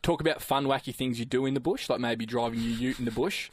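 A man's voice: mid-range voice, quick pace. A young Australian man co-hosting a show, bantering and teasing his co-host in a casual, jokey way. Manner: jokey, teasing, half-sings song lines. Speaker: radio co-host. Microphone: studio microphone.

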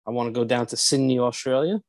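A man's voice: medium pitch, quick pace, dry recording. Podcast co-host, jonge man, middelhoge stem, ontspannen en wat aarzelend, droge opname zonder galm. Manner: laid-back, hesitant, soft-spoken. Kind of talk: casual podcast banter.

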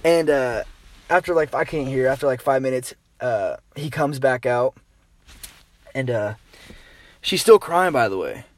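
A young man casually telling an anecdote, animated and swearing, saying dude a lot. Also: medium pitch, unhurried, pauses often. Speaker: storyteller guest.

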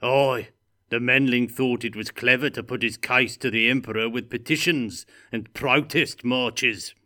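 A man reading a story aloud and voicing a gruff, bloodthirsty male dwarf warrior who speaks loudly, slowly and grimly. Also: medium pitch, fairly even intonation, pitched above the performer's own voice.

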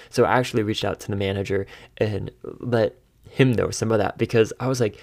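Gravelly-voiced millennial man ranting casually. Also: lowish voice, fairly quick, darkish tone. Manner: rambling, exasperated, self-deprecating laughs. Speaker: podcast host. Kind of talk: casual solo monologue.

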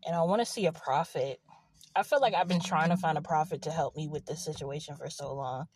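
A woman's voice: sits low, brisk, darkish tone, breathy edge, no room sound. A young woman vlogging casually from a car in an empty parking lot, rambling and laughing as she tells a story. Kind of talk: casual confessional vlog.

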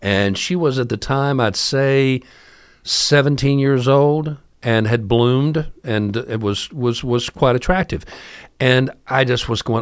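A man's voice: medium pitch, slow pace, clean tone, no echo. A man telling a story casually, wry and chatty with asides to the listener.

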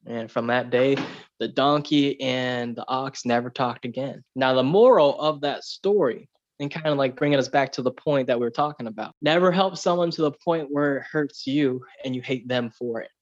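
A man's voice: medium pitch, moderate pace, dull audio. Chatty man telling a fable. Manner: loose, chatty, lots of "like" and "you know". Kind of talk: casual chat, storytelling.

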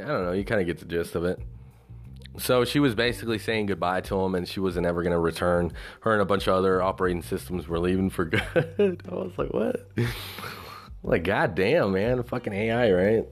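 A man talking casually about a movie in a rambling monologue, swearing freely and filling gaps with "you know" and "like". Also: lowish voice. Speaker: movie reviewer.

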